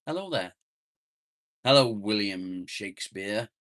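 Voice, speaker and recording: A man hosting a casual live stream from his phone, sitting outdoors. He talks slowly and hums and mutters to himself between comments from the chat. His voice is a little low and bright, and the sound is dry and close. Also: dry recording. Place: outdoors, sitting in a chair near the house.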